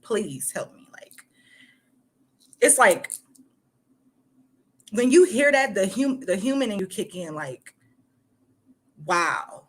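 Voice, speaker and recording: Woman, from Michigan, channel host, halting read-aloud, casual asides, lots of filler words. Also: mid-range voice, animated. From Michigan, United States. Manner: halting reading broken by chatty asides full of "like". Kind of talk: casual commentary while reading a news article aloud.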